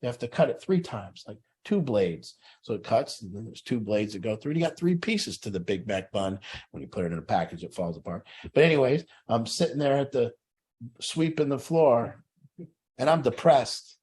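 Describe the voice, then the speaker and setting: A man's voice: medium pitch, animated, normal speed, a little mellow, slightly rough. Blunt, profane middle-aged man. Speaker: recovery group leader. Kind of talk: group talk with personal story.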